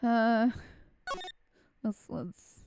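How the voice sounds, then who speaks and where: A woman's voice: a little high, drawn-out words, darkish tone, slight background noise. A woman streamer chatting casually and laughing as she plays through a game. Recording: game music behind.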